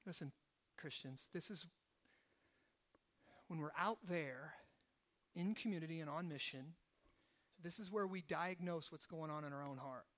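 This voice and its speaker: High-voiced man preaching with swinging intensity. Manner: swings from hushed, low emphasis to loud, rising exhortation; asks the congregation rhetorical questions, often adding "right?". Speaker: pastor. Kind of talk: sermon.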